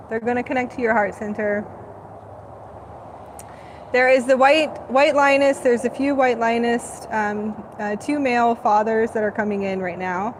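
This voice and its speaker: Female host, rather high voice, dreamy and gushing channeling talk, faint hiss behind. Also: poor audio. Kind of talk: live spiritual channeling talk.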